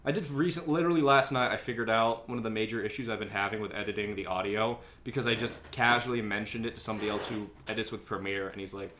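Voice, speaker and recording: A man's voice: fairly low pitch, steady tone, fast, hardly any pauses, pushed and bright, slight background noise. Profane young man ranting on a podcast. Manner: profane, rambling, complaining. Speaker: podcast host and editor. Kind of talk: casual podcast chat.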